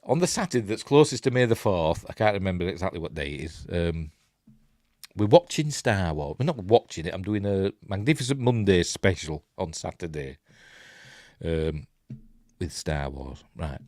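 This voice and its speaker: Lively low-voiced Yorkshire man. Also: moderate pace, dry recording, clean studio sound. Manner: reads news items with wry, sarcastic asides. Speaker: host of a sci-fi news live stream. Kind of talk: live stream news reading with commentary.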